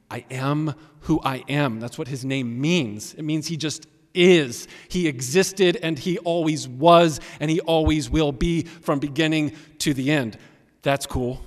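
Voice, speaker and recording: A man preaching a sermon as pastor, animated and emphatic, swinging between loud and quiet. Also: a little high. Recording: long reverb of a large hall.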